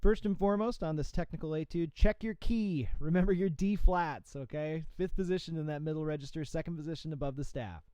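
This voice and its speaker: A man's voice: on the high side, fairly quick, hardly any pauses, warm tone, smooth, dry recording. A man, a music professor, giving coaching tips in an instructional podcast and checking in often with "okay?" and "right?". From USA.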